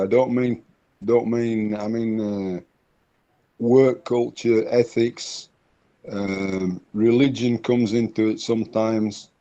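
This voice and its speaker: A man's voice: mid-range voice, warm tone. A middle-aged man, a consultant, talking casually in an interview, telling anecdotes and often repeating words as he searches for them. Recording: dull lo-fi recording.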